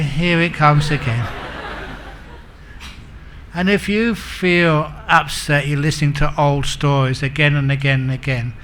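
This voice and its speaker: Monk teacher, male, storytelling sermon; unhurried, slightly raised pitch, self-mocking humor. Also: a bit bright, a little hiss or hum. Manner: acts out characters in stories. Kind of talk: dharma talk with storytelling.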